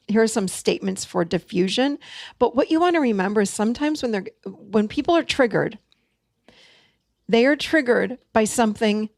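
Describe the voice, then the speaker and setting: A woman's voice: fairly high pitch, no room sound, clean studio sound. A middle-aged woman hosting a podcast, teaching in a casual, emphatic way and repeating key phrases for weight. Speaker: podcast host and coach.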